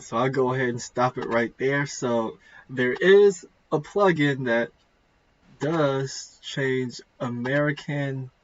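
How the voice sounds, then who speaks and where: A man's voice: mid-range voice, takes it slowly. Man, stream host, casual explaining, restarts, dull lo-fi audio, faint background noise. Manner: explains step by step with hesitant restarts. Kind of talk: casual chat.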